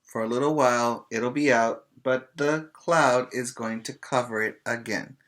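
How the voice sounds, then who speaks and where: A male preschool teacher leads a virtual class in a slow, drawn-out sing-song, chanting lists to small children. His tone is bright. He speaks gently and patiently. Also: medium pitch.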